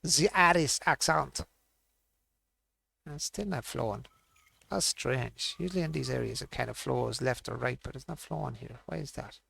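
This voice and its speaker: A man's voice: mid-range voice, moderate pace, creaky, breathy edge. A man streaming a fishing game, thinking aloud and muttering to himself as he plays. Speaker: gaming streamer. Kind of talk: casual live-stream commentary.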